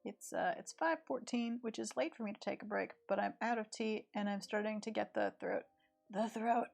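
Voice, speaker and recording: A woman's voice: medium pitch, normal speed, vocal fry, darkish tone. A woman with a rural East Tennessee accent, chatting casually and thinking aloud while she draws on a live stream. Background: faint background music.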